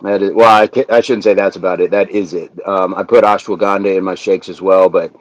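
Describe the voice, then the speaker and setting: A man's voice: low voice, steady tone, brisk, dry recording, lo-fi sound. An American man hosting a fitness live stream, chatting casually and reading viewer comments, laughing easily. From US South, raised in the Midwest. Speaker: fitness livestream host. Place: California.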